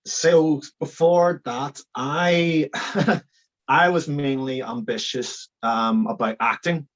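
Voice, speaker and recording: A man's voice: on the high side, slow pace, highs cut off. A young man with a Northern Irish accent, chatting casually as an interview guest, full of fillers and restarts. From Northern Ireland. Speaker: filmmaker guest.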